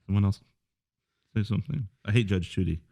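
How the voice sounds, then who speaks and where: A man's voice: on the low side, fairly quick, creaky, warm tone. A man from Texas hosting a podcast in loose, profane, joking casual chat. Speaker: podcast host.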